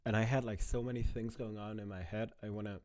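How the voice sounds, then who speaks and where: A man's voice: fairly low pitch, steady tone, quick pace, a little mellow. A man casually reacting to a video clip, chatting and swearing freely as he talks to his viewers.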